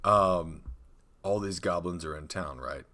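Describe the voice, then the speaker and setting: A man co-hosting a podcast, pitching ideas for a tabletop adventure in casual, excitable chat with fillers and sound effects. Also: a little slow.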